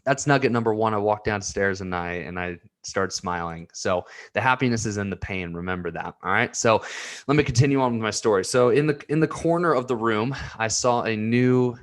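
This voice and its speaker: A man's voice: lowish voice, brisk. A man in his twenties rambling earnestly in a personal vlog, getting emotional as he talks. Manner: emotional, earnest, repeats himself. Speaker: vlogger.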